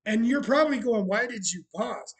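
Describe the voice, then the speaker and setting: A streamer running a bar roleplay channel chats casually on a live stream in a high, husky, expressive voice at normal speed. He's sarcastic and talkative, greeting viewers as he goes, and the recording is low quality.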